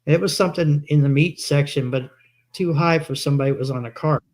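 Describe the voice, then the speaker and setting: Rambling man with a higher voice. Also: quick pace, a little mellow. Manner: rambling anecdotes, quoting himself. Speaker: co-host. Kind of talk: casual live chat.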